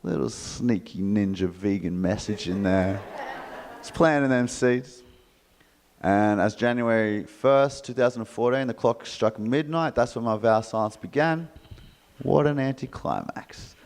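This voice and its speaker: An Australian man, a motivational speaker, tells a jokey story to a live audience in a reverberant hall, animatedly acting out the voices of the people in it. His voice is medium-pitched and a little slow, with slight background noise.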